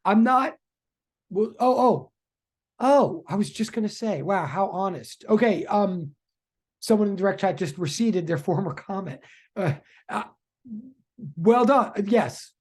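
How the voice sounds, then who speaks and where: A physics teacher giving a live online lecture, chatty and excitable, often repeating questions to students in the chat. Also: medium pitch.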